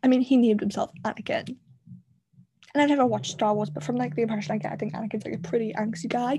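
A woman's voice: a little high, fairly even intonation, fast talker, background noise. A young woman with a Northern English accent hosting a solo book-club podcast, gushing and rambling with lots of fillers. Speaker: podcast host.

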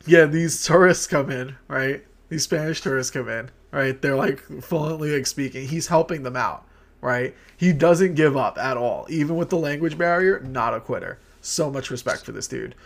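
A man's voice: mid-range voice, moderate pace, gravelly. A young man telling a story in casual chat, full of fillers and frequent laughter. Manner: animated storyteller, laughs often, filler-heavy.

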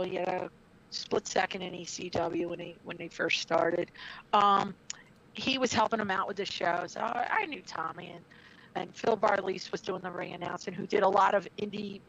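A woman's voice: mid-range voice, normal speed, vocal fry, a little hiss or hum. Brash, foul-mouthed middle-aged woman guest spinning wrestling tales, lo-fi audio. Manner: brash, profane, animated. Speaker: guest, former wrestler and trainer. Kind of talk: casual interview storytelling. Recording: dull lo-fi audio.

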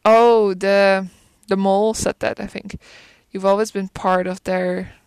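A woman's voice: mid-range voice, flat delivery, a little slow, a little mellow, clear, resonant tone, dry recording. A woman chatting casually about a film, thinking aloud, asking herself questions and often restarting as she searches for words. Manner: reflective, asks rhetorical questions. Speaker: film commentator. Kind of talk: casual musing chat.

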